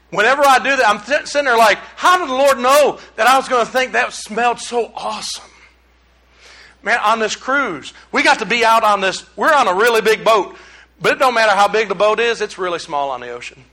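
A man's voice: sits high, pushed and bright. A man preaching a casual sermon, rambling and conversational with folksy asides to the congregation. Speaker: pastor.

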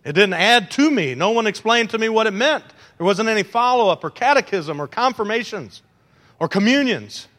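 A man preaching a sermon, animated and joking with the congregation, acting out quotes. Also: high voice, moderate pace. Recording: long hall reverb.

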